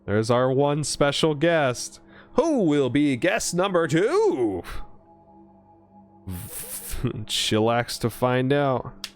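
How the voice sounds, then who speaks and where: A young man casually narrating a card pack opening, reading card text aloud quickly and reacting with excitement. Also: a little high, faint music behind. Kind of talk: casual commentary while opening card packs.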